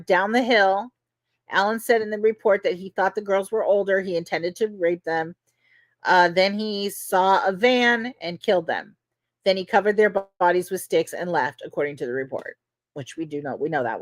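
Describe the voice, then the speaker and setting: A woman podcast host gives a loose, conversational recap of trial testimony, often filling gaps with "like" and "you know." Her medium-pitched voice sounds dry and close without room echo, and she speaks at a moderate pace.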